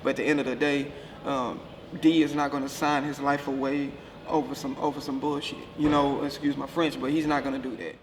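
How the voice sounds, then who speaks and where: A man's voice: medium pitch, level tone, a little fast, a little hiss or hum. Firm man in an echoey room. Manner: firm, defensive. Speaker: strength coach. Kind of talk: casual interview.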